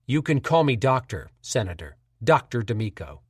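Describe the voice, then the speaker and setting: A man's voice: medium pitch, big pitch swings, normal speed, slightly rough, no room sound, studio quality. A man voicing a weary doctor who speaks tersely and holds back his anger. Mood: terse, restrained. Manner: terse, restrained, impatient. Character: weary, guarded male doctor.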